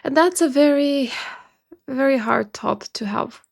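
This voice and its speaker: A woman's voice: high-pitched, measured pace, creaky. A woman from Romania hosting a music reaction video, talking earnestly and emotionally and repeating phrases for emphasis. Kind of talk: casual reaction commentary.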